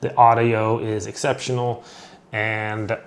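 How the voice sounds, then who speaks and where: A man's voice: fairly low pitch, level tone, slow, vocal fry. A man giving a casual product review to his viewers, upbeat and rambling, with lots of fillers and restarts. He is losing his voice a little. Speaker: tech reviewer.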